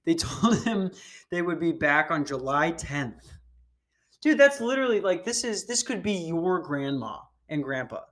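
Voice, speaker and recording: A man's voice: fairly high pitch, big pitch swings, measured pace, a bit bright. A man hosting a podcast, riffing in casual, profane, rambling comedic commentary on news stories. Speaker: podcast host.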